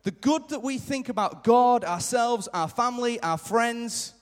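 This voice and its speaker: A high-voiced man delivers an earnest sermon live in a church. His words ring out with a long hall reverb behind them. He stresses his points by repeating them and slips into short quoted remarks. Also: expressive, a little slow. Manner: earnest, repetitive emphasis, acts out quoted lines. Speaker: preacher.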